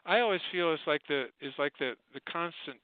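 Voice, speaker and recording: A man, a musician guest on a radio interview, talking casually, thoughtful and halting with many restarts. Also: on the high side, clean tone, no echo. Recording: tinny phone line.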